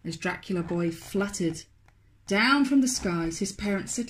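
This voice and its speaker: A woman, a children's author, reading a picture book aloud to toddlers in a slow, expressive, sing-song way. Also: medium pitch, a little hiss or hum. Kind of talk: storybook read-aloud for toddlers.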